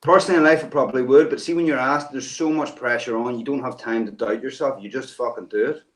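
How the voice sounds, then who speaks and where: A man's voice: medium pitch, fast talker. A man as a guest in a casual interview, speaking frankly and bluntly, with some swearing. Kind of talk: casual chat. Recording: roomy echo.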